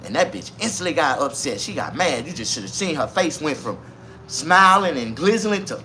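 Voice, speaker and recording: Style: rambling, profane comic monologue. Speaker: man in his forties. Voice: lively pitch. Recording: noisy ambient. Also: a little fast. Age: 40s. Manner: rambling, profane, laughs through his own punchlines. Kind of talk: crude storytelling monologue.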